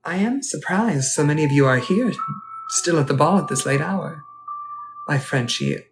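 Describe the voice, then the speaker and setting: A man playing a polite, wistful Edwardian gentleman at a ball, speaking formally and courteously in a live role-play. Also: fairly high pitch, lively intonation, moderate pace, music in the background. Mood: genteel. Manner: formal, courteous, old-fashioned phrasing.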